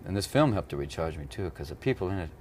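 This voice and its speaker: A playful press junket interview features an American actor in his thirties who rambles and keeps slipping into funny voices. His low-pitched delivery is fast and sing-song, with a darkish tone, over slight background noise.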